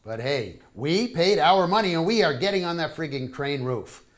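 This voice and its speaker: A man's voice: fairly high pitch, lively intonation, normal speed. A man reading his own travel stories aloud to a live audience, wry and full of comic asides. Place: small live performance venue.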